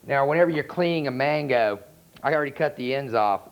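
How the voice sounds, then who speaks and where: A man with a North Carolina accent, a chef talking through a cooking demonstration in a relaxed, plainspoken way. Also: mid-range voice, brisk. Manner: relaxed, plainspoken, step-by-step instruction. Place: outdoor charcoal grill by a house. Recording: dull lo-fi VHS recording.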